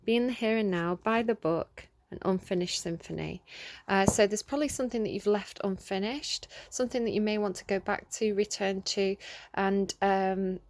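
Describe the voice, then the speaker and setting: A woman chats through a tarot reading, recorded on a phone. She talks in a loose, rambling way with many ums and side remarks. Her voice sits at a middling pitch. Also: moderate pace, darkish tone. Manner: chatty and rambling, many fillers. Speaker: tarot reader. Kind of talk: casual tarot reading to camera.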